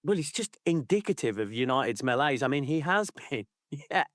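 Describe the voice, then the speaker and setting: A man co-hosts a football chat show, wandering from story to story and teasing his friend. His voice sits at an everyday middle pitch. It is recorded close and dry, with almost no room sound. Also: sing-song, brisk, a bit bright, dry recording. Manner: rambling, teasing. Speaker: podcast co-host. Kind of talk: casual chat.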